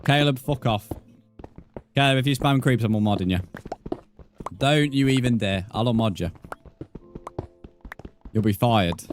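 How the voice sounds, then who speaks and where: A man's voice: mid-range voice, measured pace, long pauses, soft background music. A man livestreaming a game, chatting casually with viewers, bantering and swearing at the chat in mock threats.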